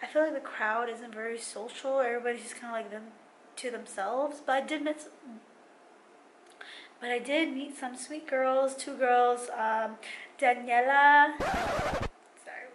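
A young woman with a slightly high voice records a casual travel vlog on her phone outdoors. She talks in a chatty, slangy way and laughs often. Clear outdoor noise hums behind her. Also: steady tone, moderate pace, poor audio. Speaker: travel vlogger. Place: outdoors on a tourist strip and by a pier.

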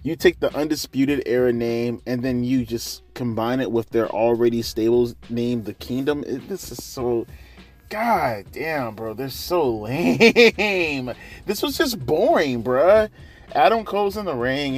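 A man's voice: mid-range voice, expressive, a little slow. A man ranting sarcastically through a wrestling show recap, exasperated and swearing heavily. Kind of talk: profane ranting review.

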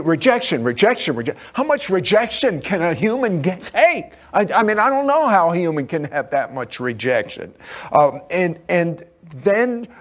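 A man hosting a Christian television talk show, retelling guests' stories with exclamations. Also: fairly high pitch. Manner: animated, exclaiming storyteller with laughs.

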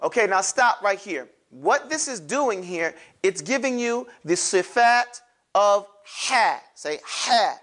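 A man's voice: high voice, animated, slow pace, a bit bright. A man teaching a classroom lesson on pronouncing letters for Quran recitation, animatedly drilling his class to repeat sounds aloud.

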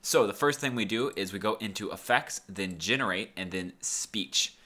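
A man narrating a casual software tutorial over his screen. His voice sits low but sounds bright and forward. He rambles easily and fills the gaps with ums. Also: normal speed. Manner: laid-back, rambling with fillers. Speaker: tutorial host.

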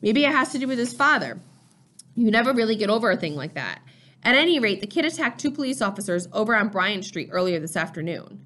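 A somber neighbor man from an audiobook, speaking low and cautiously as he delivers hard news. A woman acts him out in her reading voice. His tone stays guarded and heavy. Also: sing-song, fast, a bit bright. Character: somber male neighbor bringing bad news.

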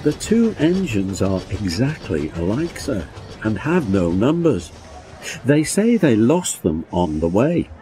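A man's voice: on the low side, very animated, slow, warm tone, a little hiss or hum. A man voicing a polite, deferential male railway inspector in a storybook, speaking hesitantly.

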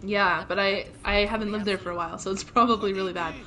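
A woman's voice: mid-range voice, steady tone, fast talker, fairly bright tone. A woman from California with an American accent, guiding a friend through a video game on stream. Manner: helpful, giving step-by-step directions. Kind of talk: casual game stream chat.

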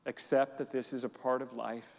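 A man's voice: medium pitch, level tone, moderate pace, creaky, darkish tone. A man preaching a sermon to his congregation, leading them in call-and-response. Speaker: pastor. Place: church sanctuary during a service. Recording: long hall reverb in a church.

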